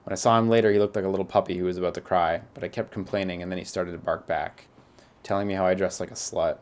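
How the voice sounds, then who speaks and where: A man's voice: low voice, fairly even intonation, fast talker, darkish tone, natural voice. A man reading the lines of a blunt, tough young woman from a game in his own plain voice. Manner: reads game text aloud.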